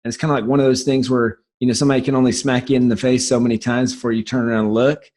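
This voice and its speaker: A man's voice: medium pitch, flat delivery, a little mellow. Enthusiastic man with a light Southern accent. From South Carolina. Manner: fast, enthusiastic storytelling with frequent restarts. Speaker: guest, business founder. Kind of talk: casual podcast interview.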